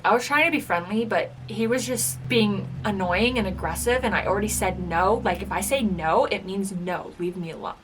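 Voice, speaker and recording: Woman vlogger, mid-pitch, chatty storyteller, casual reaction video, light background hiss. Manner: chatty storytelling, lots of filler "like". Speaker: former game show contestant.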